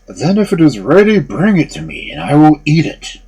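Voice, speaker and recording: A man voicing a huge, gruff, suspicious male ogre in a storybook reading. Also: on the high side, big pitch swings, normal speed, darkish tone, pitched above the performer's own voice, exaggerated voice.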